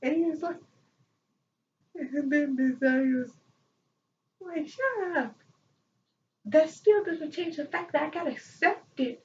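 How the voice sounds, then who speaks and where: A woman chatting casually as a vlogger, excitable and rambling, often breaking into laughter. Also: high-pitched, slow pace, long pauses. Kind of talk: casual chat. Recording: distant, dull lo-fi mic with faint noise.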